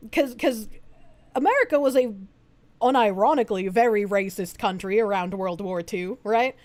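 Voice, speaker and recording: A woman's voice: a little high, darkish tone. A young woman streaming, talking politics in a casual, argumentative and emphatic way. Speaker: streamer host.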